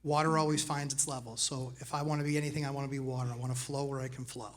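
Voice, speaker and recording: A man, a real estate investor, talking casually on a panel with quick jokes and punchy asides. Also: mid-range voice, flat delivery, slight background noise. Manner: fast, joking, punchy asides.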